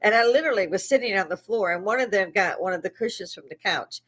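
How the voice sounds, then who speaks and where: Older woman, livestream host, swears and laughs a lot, mid-pitched voice. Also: fast talker. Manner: laughs often, swears freely, animated retelling. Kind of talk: casual storytelling to viewers.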